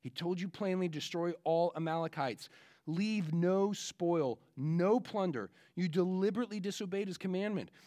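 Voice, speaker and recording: A man's voice: sits high, normal speed, warm tone, natural voice. A preacher voicing a stern prophet who bluntly scolds a king.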